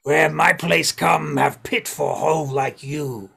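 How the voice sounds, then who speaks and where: Man doing a gravelly hostile goblin guard. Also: on the high side, steady tone, heavily acted. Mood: scornful. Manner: slow, loud, clipped broken grammar. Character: hostile male goblin guard, suspicious, broken speech.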